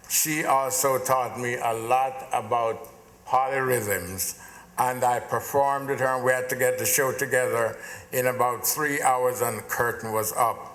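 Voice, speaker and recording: A man's voice: medium pitch, fairly bright tone. An older man with a Jamaican accent, giving an award acceptance speech in a chatty, storytelling way with self-deprecating humor. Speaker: award honoree, dancer. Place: large event hall. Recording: echoey hall with long reverb.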